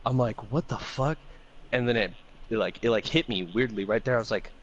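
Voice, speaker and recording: A man co-hosting a podcast, telling a long profane party story in a loose, animated way. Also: on the low side, fast, highs cut off, slight background noise. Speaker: podcast co-host. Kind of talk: casual storytelling chat.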